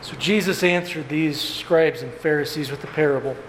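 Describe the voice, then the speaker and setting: A man preaching a sermon as pastor, earnest and emphatic, with slow stressed phrases and repetition. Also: fairly high pitch. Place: church sanctuary. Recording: echoey hall with faint room noise.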